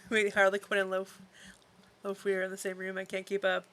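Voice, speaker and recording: Man, streamer, live gameplay chat, laughs a lot, rambling, bright voice. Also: high voice, slight background noise. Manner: chatty, laughs often, rambles about lore. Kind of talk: casual live gameplay commentary.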